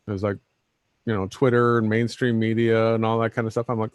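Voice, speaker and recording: A man's voice: on the low side, flat delivery, fast, dry recording. A man co-hosting a casual livestream, blunt and combative, often repeating himself. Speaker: co-host.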